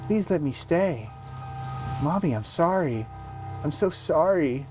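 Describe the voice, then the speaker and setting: A man's voice: fairly low pitch, takes it slowly, music in the background. A man voicing a frightened young girl who pleads tearfully with her mother. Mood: pleading.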